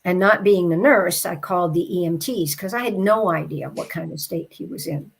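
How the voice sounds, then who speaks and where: A woman, an interview guest, telling a personal story in a heartfelt, reflective way and slowing down at the emotional moments. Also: on the low side, vocal fry, husky.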